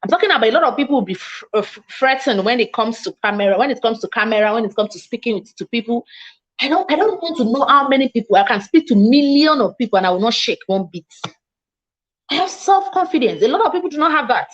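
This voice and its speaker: A woman from Nigeria with a Nigerian English accent, giving a fast, emphatic, self-assured online mentoring talk as a coach. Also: on the high side, lively intonation, highs cut off. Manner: speaks fast, by her own account.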